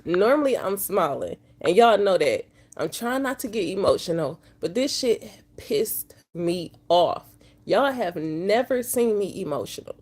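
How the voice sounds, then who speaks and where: A woman's voice: medium pitch, sing-song, a little mellow, breathy edge. A woman truck driver, vlogging to her viewers, upset and emotional after just waking up. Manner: talks slowly and drawls, addresses viewers as y'all. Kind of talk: emotional casual vlog to viewers.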